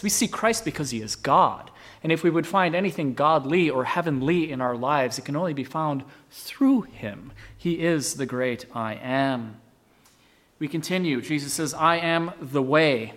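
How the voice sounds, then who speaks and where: A man preaching a sermon, emphatic, swinging between loud bursts and hushed asides. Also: a little high.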